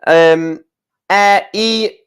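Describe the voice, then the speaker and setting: A man's voice: high voice, extremely slow, smooth. Man calling a football match live. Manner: running play-by-play with fillers, bursts into shouting at chances and goals. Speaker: YouTube live watch-along host.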